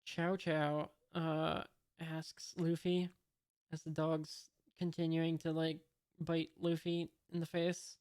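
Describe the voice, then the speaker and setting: A woman reading a comic aloud in a casual way. She pauses often on filler sounds, reads out the sound effects and describes each panel. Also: deep voice, little pitch movement, a little mellow, clean tone. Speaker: reader of a comic. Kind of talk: casual comic read-along.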